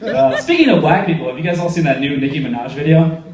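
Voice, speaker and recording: A man's voice: fairly high pitch, quick pace. A young man doing a stand-up comedy set, telling stories and acting out the people in them. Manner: animated storytelling, acting out quoted voices. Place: comedy theater stage. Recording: echoey theater from a distance, crowd laughter.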